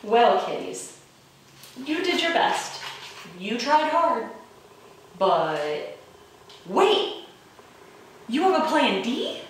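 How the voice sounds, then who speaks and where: A children's librarian reads a picture book aloud to kids in a slightly high, very animated voice, playful and expressive with roars and chuckles. She goes very slowly, lingering over every line and pausing often. The recording is echoey and distant, with faint background noise.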